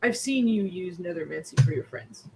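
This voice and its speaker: A woman's voice: lowish voice, expressive, moderate pace, creaky, warm tone, low-quality recording. A woman running a tabletop game as its game master, narrating with frequent laughs and fillers. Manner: giggly, lots of fillers.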